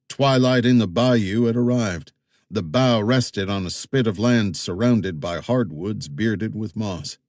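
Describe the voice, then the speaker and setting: Low-voiced male thriller narrator. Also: darkish tone, no echo, studio quality. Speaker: audiobook narrator.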